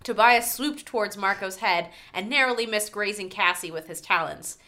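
A woman's voice: medium pitch, normal speed, bright, forceful tone. A woman co-hosting a casual group read-aloud, reading expressively and laughing. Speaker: podcast co-host reading aloud.

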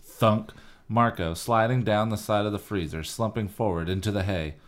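A man co-hosting a casual group read-aloud, reading calmly with wry asides. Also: lowish voice, normal speed. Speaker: podcast co-host reading aloud.

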